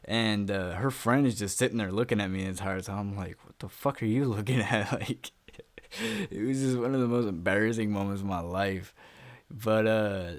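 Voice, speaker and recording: A man's voice: fairly low pitch, moderate pace, no echo. A young man telling a personal story on his vlog in a loose, rambling way, full of fillers, casual swearing and self-mocking laughs, recorded at home.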